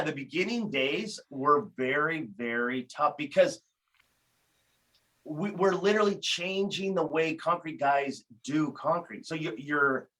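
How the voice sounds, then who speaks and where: A man talking casually as a podcast guest, telling animated stories with frequent restarts. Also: a little high, poor audio. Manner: animated storyteller, many restarts. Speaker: guest, tool company founder.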